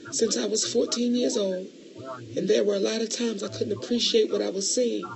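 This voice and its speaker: A middle-aged woman co-hosting a podcast in casual chat, loud and emotional, swearing freely and calling callers baby. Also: mid-range voice, vocal fry. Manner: loud, profane and emotional, calls listeners baby. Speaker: podcast co-host.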